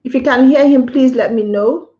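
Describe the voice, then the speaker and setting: A woman's voice: sits high, normal speed, warm tone, lo-fi sound. A woman hosting a casual livestream, giving an emphatic opinion, repeating her points and talking to viewers. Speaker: livestream host. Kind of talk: casual live-stream commentary.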